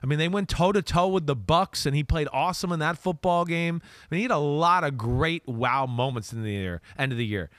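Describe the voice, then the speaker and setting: A man's voice: a little high, brisk, few pauses, fairly bright tone, no room sound, studio quality. A middle-aged man with a New Jersey accent, co-hosting a casual football podcast and often repeating words as he starts a thought. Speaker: podcast co-host, football analyst. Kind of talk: casual sports talk.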